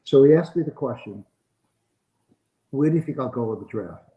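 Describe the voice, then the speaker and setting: A man's voice: mid-range voice, expressive, moderate pace, dull audio. An older man, a sports agent being interviewed on a podcast, telling a long story and acting out the dialogue of the people in it.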